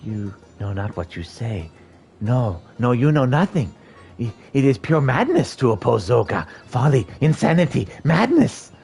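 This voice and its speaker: A man's voice: medium pitch, very animated, unhurried, gravelly, darkish tone, faint music behind. A man voicing a timid, fretful male kobold in a game, stammering and piling up anxious synonyms. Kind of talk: reading game dialogue aloud in character.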